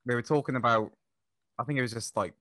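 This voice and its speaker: Casting: male podcast guest, bright tense tone, close dry sound, explains patiently. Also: medium pitch, fast, dry recording. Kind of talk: casual podcast chat.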